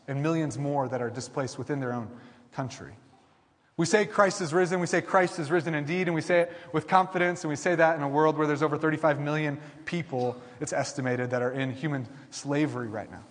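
Pastor guy preaching, repeats lines and builds them up, big church hall echo. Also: a little high. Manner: preaching with rising, repeated declarations and frequent restarts. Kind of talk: sermon. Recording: long hall reverb.

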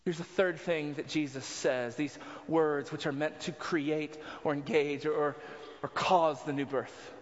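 Earnest male pastor preaching, high voice, muffled recording with a long hall echo. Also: steady tone, unhurried. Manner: earnest, repeats words while building a point. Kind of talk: sermon. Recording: dull sound with long reverb in a hall.

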